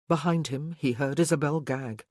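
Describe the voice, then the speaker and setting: A narrator reading a historical romance audiobook in a steady storytelling voice. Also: medium pitch, normal speed, dry recording, clean studio sound.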